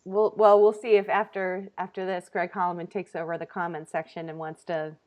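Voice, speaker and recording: A woman hosting a casual comedy talk show, telling stories with lively energy and acting out quotes. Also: on the low side, brisk. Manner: animated storytelling, acts out quotes loudly.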